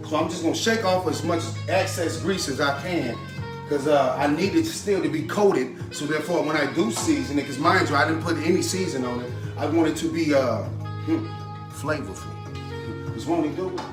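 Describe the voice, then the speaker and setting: Chatty man with a fairly high voice. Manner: lively, chatty, repeats a catchphrase and laughs often. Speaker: home cook and video host. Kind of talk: casual cooking demonstration. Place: home kitchen. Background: music playing under the voice.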